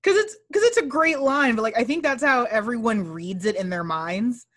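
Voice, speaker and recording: A woman's voice: a little high, moderate pace. A young woman co-hosting a casual podcast chat about a book, swearing freely and acting out lines in other voices. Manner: animated, profane, acts out voices of characters. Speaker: podcast co-host.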